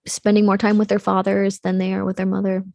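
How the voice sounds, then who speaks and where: A woman's voice: mid-range voice, completely flat delivery, fairly quick, vocal fry, darkish tone, no echo. A young woman hosting a podcast, telling a true crime story in casual chat. She swears freely and trails off into a mutter at the ends of her thoughts.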